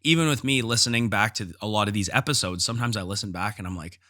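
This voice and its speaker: A man hosts a solo podcast, speaking candidly and casually about teaching, since he's a jiu-jitsu instructor. His lowish voice is pushed and bright, fast with hardly any pauses, and he uses frequent fillers and restarts.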